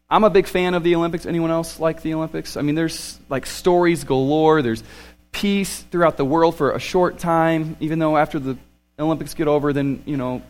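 Animated man preaching a sermon. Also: a little high. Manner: animated, swings from excited to hushed. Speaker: pastor.

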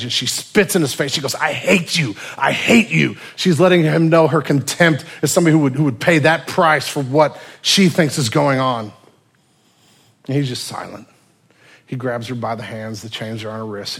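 Husky-voiced preacher telling a story. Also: male voice, medium pitch. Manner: storytelling, swings from loud to near whisper. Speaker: pastor. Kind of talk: sermon.

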